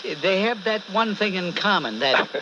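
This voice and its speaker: This New York-accented man sits high in pitch, with lively intonation at normal speed. He runs a combative call-in radio show, sarcastically berating callers and cutting them off, and the dull AM broadcast carries a faint hiss.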